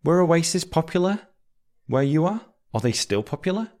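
A British man, an English teacher, explaining words and repeating example sentences slowly and clearly for learners. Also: a little high, sing-song, darkish tone.

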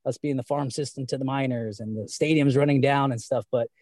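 A man's voice: mid-range voice, fairly even intonation, fairly quick, darkish tone, dry recording. A man talking casually as a fan guest, rambling with many fillers and restarts. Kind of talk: casual conversation.

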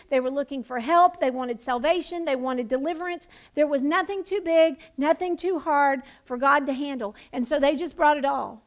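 A woman preaching an impassioned sermon, building to emphatic shouts. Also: high-pitched. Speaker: pastor.

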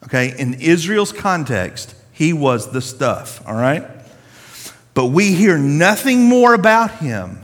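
A pastor with a high, very lively voice preaches in a casual, slangy storytelling manner. His voice carries a long reverb from the large hall. He speaks to a congregation in a room. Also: takes it slowly. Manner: animated, conversational, slangy storytelling. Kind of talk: sermon.

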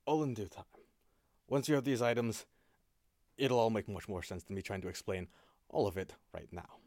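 A man's voice: fairly low pitch, fairly even intonation, normal speed, darkish tone, no room sound, natural voice. A man voicing a secretive, sardonic male spymaster who talks in dry, long-winded warnings. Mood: explaining.

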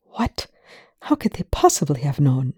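A reader voicing a haunted, distraught male scientist in a soft, low murmur. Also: sing-song, measured pace, husky, dry recording, studio quality. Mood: pleading. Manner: quiet, low murmuring delivery.

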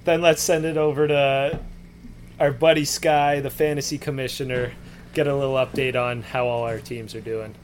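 A man co-hosting a casual podcast, excitable and laughing a lot as he hands segments to his friends. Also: mid-range voice, normal speed, very noisy. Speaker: podcast co-host.

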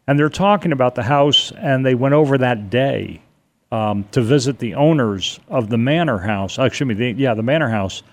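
An older man from Connecticut, telling a long personal story in a rambling, animated way, with many restarts. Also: medium pitch, normal speed. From Connecticut, USA. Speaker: guest telling a ghost story. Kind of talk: casual storytelling on radio.

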